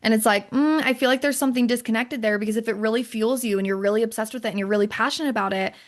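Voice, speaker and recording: A young adult woman hosting a podcast, talking in an animated, casual way with lots of fillers. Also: a little high, racing. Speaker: podcast host. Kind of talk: casual chat.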